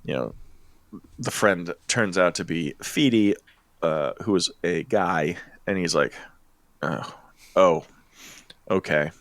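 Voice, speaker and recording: Low-voiced man rambling through a plot recap. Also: measured pace, a bit bright, dry recording. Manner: laughs often, rambling with many fillers. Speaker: podcast co-host. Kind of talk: casual chat retelling a film plot.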